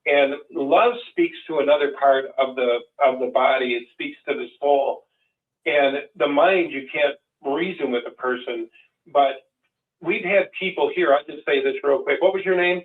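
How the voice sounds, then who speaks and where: A man's voice: mid-range voice, fairly even intonation, moderate pace. Folksy man on a tinny line. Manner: rambling, folksy, with many restarts. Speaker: co-host of a call-in show. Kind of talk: casual storytelling chat. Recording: distant, phone-like lo-fi sound.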